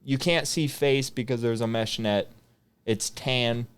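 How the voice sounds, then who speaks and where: A man's voice: mid-range voice, steady tone, unhurried, clean tone. A man in his twenties, a former Marine guest on a podcast, telling comedic stories and laughing often as he goes. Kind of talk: comedic storytelling.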